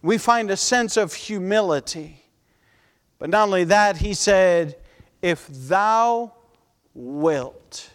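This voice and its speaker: A man preaching a sermon as pastor, fervent and pleading, at times dropping his voice to a soft, intense hush. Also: high voice, unhurried, clear, resonant tone, long reverb tail.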